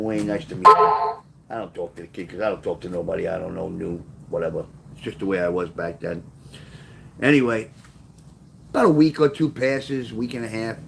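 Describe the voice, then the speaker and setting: A man's voice: lowish voice, gravelly, darkish tone, a little hiss or hum. A middle-aged man, casually telling a street story on his livestream, in a rambling, profane way. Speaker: author livestreaming to chat.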